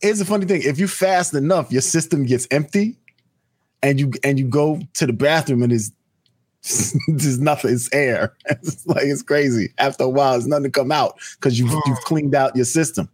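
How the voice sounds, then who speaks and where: A man's voice: mid-range voice, moderate pace, slightly rough, no room sound. A man co-hosting a podcast, chatting casually and chuckling through his stories. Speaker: podcast co-host. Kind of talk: casual chat.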